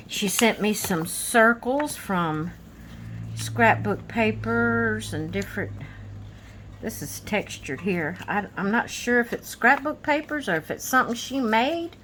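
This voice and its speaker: A woman with a fairly high voice chats slowly through a casual crafting vlog. She sounds a little out of breath and rambles in an easygoing way. Faint background noise sits under her voice. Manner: slow, rambling, relaxed. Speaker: crafting vlogger. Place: home with dogs, rainy day.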